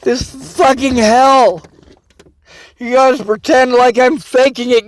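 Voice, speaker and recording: A man's voice: very high-pitched, fairly even intonation, slow, no echo, low-quality recording. A man in a bitter, swearing personal rant to camera, venting his grievances in outbursts. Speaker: vlogger.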